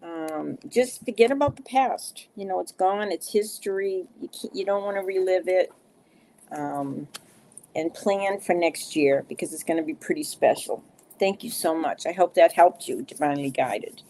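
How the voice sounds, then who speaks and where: A woman's voice: lowish voice, moderate pace, mellow, a little hiss or hum. A middle-aged woman giving live card readings to viewers, soothing and reassuring, with many fillers. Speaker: card reader.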